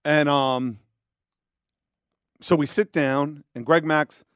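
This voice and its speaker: A middle-aged man telling a story in casual chat, profane and animated. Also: on the high side, takes it slowly, clean tone, no echo, studio quality. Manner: profane, animated, acts out voices.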